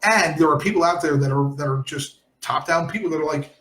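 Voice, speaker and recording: A man's voice: a little high, brisk, fairly bright tone, reverberant. A man from New Jersey hosting a podcast in casual chat, blunt and emphatic. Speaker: podcast host.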